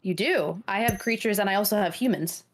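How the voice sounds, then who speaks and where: A woman's voice: medium pitch, fairly quick, a little hiss or hum. A woman chatting over a call while racing, giving brief, offhand replies. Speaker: rival racer on a call. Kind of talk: casual chat over a call.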